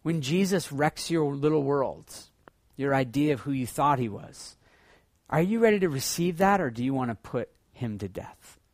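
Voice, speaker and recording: Animated male pastor preaching. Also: normal speed, no echo, clean studio sound. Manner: animated, swinging from loud excitement to hushed low tones. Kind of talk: sermon.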